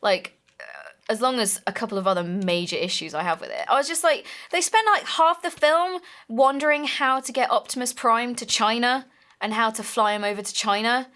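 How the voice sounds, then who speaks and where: A woman's voice: on the high side, a little fast, fairly bright tone. A young woman co-hosting a gaming let's play, chatting casually with a bubbly, joking manner and rambling restarts. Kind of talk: casual chat over gameplay.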